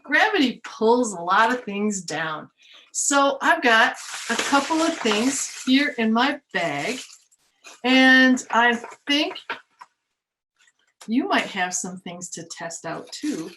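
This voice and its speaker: A young woman reading a picture book aloud to children, animated, with gasps, laughs and questions to her listeners. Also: a little high, takes it slowly, noisy background. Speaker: museum educator reading to children. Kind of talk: storytime read-aloud.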